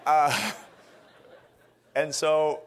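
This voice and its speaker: A man's voice: a little high, extremely slow, some chatter behind. A man from Florida preaching a sermon as a guest preacher, telling stories with lots of restarts. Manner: animated storytelling with frequent restarts.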